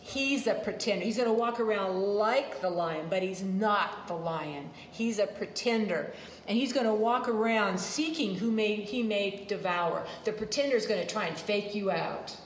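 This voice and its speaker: A woman's voice: mid-range voice, moderate pace, echoey room, a little hiss or hum, poor audio. A woman preaching a sermon, emphatic, repeating her phrases and drifting into side stories.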